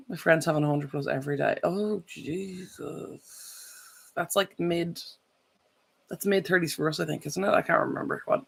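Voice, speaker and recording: A woman's voice: sits low, fairly quick, gravelly, breathy edge. A woman chatting casually on a live stream, rambling and correcting herself as she goes. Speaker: vlogger.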